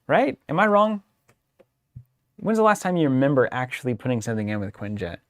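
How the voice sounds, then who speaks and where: A man's voice: medium pitch, sing-song, brisk, no echo. A man co-hosting a card game live stream, joking and teasing in casual banter on a studio broadcast mic. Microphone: studio broadcast microphone on a boom.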